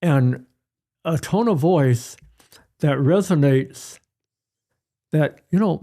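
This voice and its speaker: An older man, a pediatrician guest, telling stories in an unhurried way and repeating his key phrases during an interview. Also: on the high side, expressive, mellow. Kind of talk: conversational interview.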